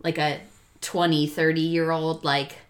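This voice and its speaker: A woman's voice: sits low, level tone, slow. A woman co-hosting a podcast, musing casually about a book and quoting characters in passing.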